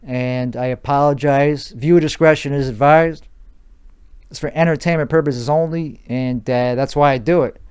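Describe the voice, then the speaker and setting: The podcast host speaks at medium pitch and normal speed, sounding a little mellow and smooth. Putting on a Chicago accent while overtired and sleep-deprived, he rambles solo, cursing, arguing, and repeating points.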